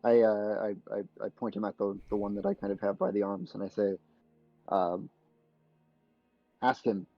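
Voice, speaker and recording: A man's voice: on the low side, level tone, brisk, no echo, soft background music. A man playing in a tabletop game, hesitant and full of fillers, over a dull lo-fi mic. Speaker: player. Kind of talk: casual game chat.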